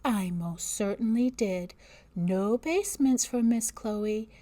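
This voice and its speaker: A woman's voice: medium pitch, takes it slowly, mellow, close to an everyday voice. A woman voicing a cheerful young mother who reassures her small daughter in a playful way. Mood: reassuring.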